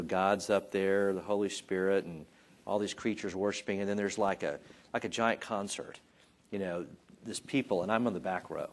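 Low-voiced man giving an easygoing sermon. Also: a bit bright. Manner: conversational, acts out voices and jokes about himself. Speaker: Bible teacher. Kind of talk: informal sermon. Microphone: taped.

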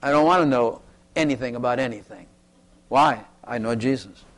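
A man's voice: mid-range voice, moderate pace. Man preaching with emphatic repetition. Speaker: pastor. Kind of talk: sermon with congregation testimonies.

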